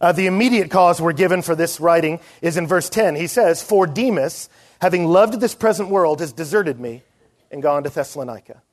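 Guy preaching in a church, pretty high voice, lively storytelling, acts out the people he quotes. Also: moderate pace. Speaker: pastor. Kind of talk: sermon.

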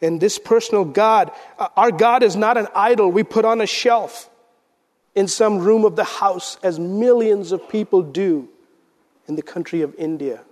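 A man preaching a sermon as pastor, swinging between loud emphasis and hushed, intense lines. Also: sits high, normal speed. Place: church sanctuary. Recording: church sanctuary with long reverb.

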